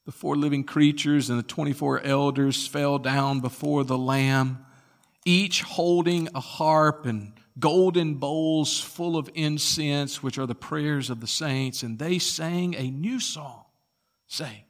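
A man preaching a sermon and reading scripture aloud, building to loud emphatic peaks and then dropping low. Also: a little slow. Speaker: pastor.

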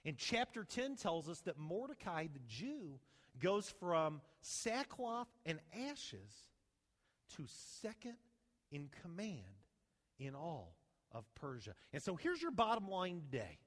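Male pastor, high expressive voice, animated storytelling sermon, reverberant hall sound. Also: unhurried. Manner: animated storytelling with rhetorical questions.

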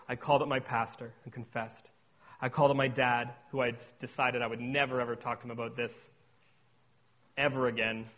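A young man giving an earnest sermon-style testimony, moving between hushed and emphatic delivery. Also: medium pitch. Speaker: speaker on addiction recovery.

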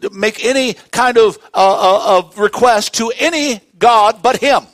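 A man preaching a sermon, swinging from hushed, slow lines to loud, emphatic ones. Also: sits high, no echo, clean studio sound. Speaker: pastor.

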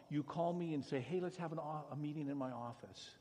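A pastor giving a sermon, shifting from hushed, pleading passages to loud, emphatic preaching. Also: male voice, fairly high pitch, brisk, hardly any pauses, in a large hall.

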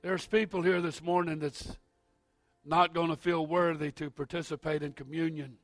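A man preaches from the pulpit in a fairly high voice, alternating soft, halting asides with loud, climbing exhortation. The recording is dry and close. Faint music plays underneath. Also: little pitch movement, dry recording. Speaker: pastor. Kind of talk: sermon.

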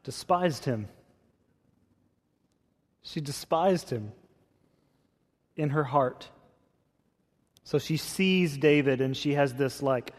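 A man pastor preaching a sermon in a conversational, expressive way. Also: medium pitch. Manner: conversational, expressive, acts out scripture quotes. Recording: long hall reverb.

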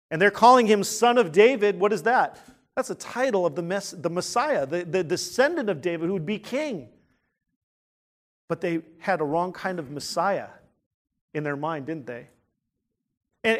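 A male pastor with a high voice preaches with earnest conviction, asking rhetorical questions. His points range from quiet and hushed to loud and emphatic.

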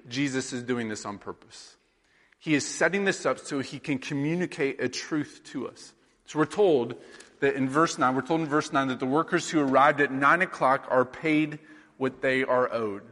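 A man's voice: medium pitch, normal speed, fairly bright tone, long reverb tail. A man in his thirties from rural Iowa, preaching a sermon in a conversational way, with lots of rhetorical questions. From rural Iowa, USA. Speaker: pastor.

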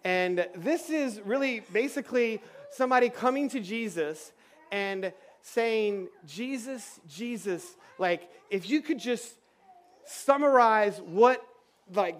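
A man leading a children's church session on stage, playful and chatty with lots of fillers. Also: sits high. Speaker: children's pastor. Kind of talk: lively children's church talk. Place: church stage with kids and adults.

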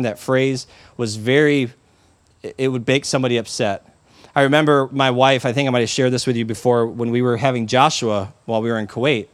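A male pastor giving a sermon in a conversational, animated way, with lots of personal asides. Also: mid-range voice, no room sound.

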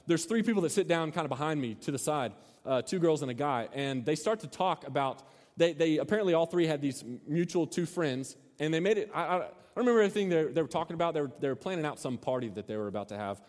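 The recording carries long reverb from the church hall where a man in his thirties, a youth pastor, gives an informal sermon. His voice runs high with a darkish tone, and he speaks quickly and animatedly, restarting often and wandering into asides as he tells a story.

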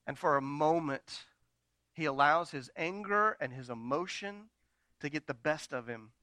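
A male pastor with a high, bright voice preaching a sermon. He acts out the quotes with real force and then drops to hushed, personal asides. The sound is close and dry, with little room around it. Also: lively intonation, unhurried, dry recording.

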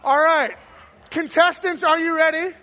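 A man hosting a game on stage for a church audience, then speaking to them. He is energetic and playful, shouting cheers and countdowns and tossing in jokes. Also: very high voice, unhurried. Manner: playful, joking asides. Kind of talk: live stage talk to an audience.

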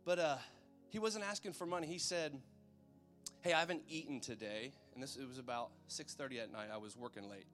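Male preacher, easygoing and chatty, mid pitch, soft music bed. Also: quick pace, hardly any pauses. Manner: conversational, checks in with the audience. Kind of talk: sermon.

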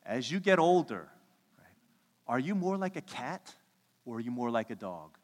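A man in his thirties preaching a sermon, telling stories and acting out the quotes with lively energy. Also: mid-range voice, moderate pace. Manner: animated storytelling, acts out quotes. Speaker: pastor. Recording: echoey hall reverb.

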